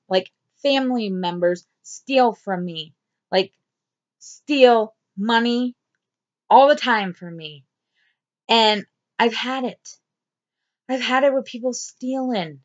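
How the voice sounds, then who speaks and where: Speaking straight to camera, a woman vlogger delivers an angry diary-style rant, blunt and sweary and repeating herself. Her voice is a little high and slow, and the audio sounds dull.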